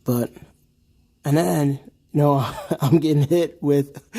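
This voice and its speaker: A man's voice: fairly high pitch, takes it slowly, mellow. A young man ranting in casual commentary, repeating himself and checking in with "right?" and "okay?". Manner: repetitive, emphatic, keeps asking "right?" and "okay?". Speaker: vlogger.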